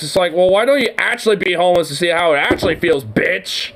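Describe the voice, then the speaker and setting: A man's voice: high voice, fast talker, hardly any pauses, fairly bright tone, a little hiss or hum, poor audio. A man reacting to a video in casual, profane commentary, ranting in exasperation. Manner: exasperated, ranting, swears a lot.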